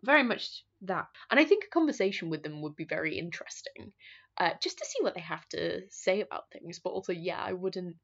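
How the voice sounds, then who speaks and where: A woman's voice: fairly low pitch, very animated, brisk, a bit bright, husky. A woman voice actor chatting casually in an interview, playful and laughing often. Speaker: audio drama voice actor. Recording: dull lo-fi recording.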